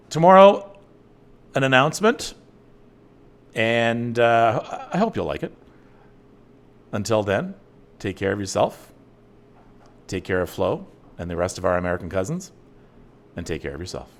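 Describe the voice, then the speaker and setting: Middle-aged male host, chatty and self-deprecating, lively swooping delivery. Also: on the low side, a little slow, pauses often. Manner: animated, rambling, self-mocking, with frequent restarts. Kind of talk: casual livestream chat with viewers.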